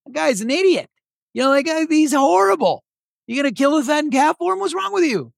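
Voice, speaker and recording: A man's voice: extremely high pitch, big pitch swings, a little fast, creaky, no echo, clean studio sound, voice pushed up, heavily acted. A man voicing an indignant older brother who rants in a whiny, exasperated way.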